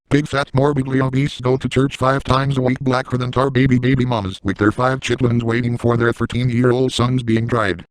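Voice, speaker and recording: A man voicing a crude, boastful middle-aged man in a comedic first-person monologue, delivering insults in a flat, matter-of-fact way. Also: mid-range voice, dry recording, lightly acted, poor audio.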